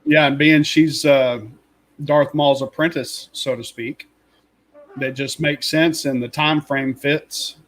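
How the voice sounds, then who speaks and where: Rambling, opinionated man with a slightly high voice. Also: fairly even intonation, slow pace, rough recording. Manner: rambling, opinionated, frequent fillers and laughs. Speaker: podcast co-host. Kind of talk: casual fan chat.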